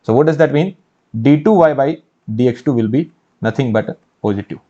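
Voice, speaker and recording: A man's voice: mid-range voice, animated, fairly quick, dark tone, lo-fi sound. A man with an Indian English accent teaching engineering mathematics for an exam course, asking questions and answering them himself and repeating key phrases. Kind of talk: online exam-prep lecture.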